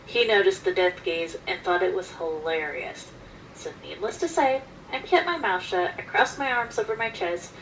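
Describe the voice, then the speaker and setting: A woman casually telling a personal story in an animated, emphatic way, recorded from some distance. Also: mid-range voice, slight background noise.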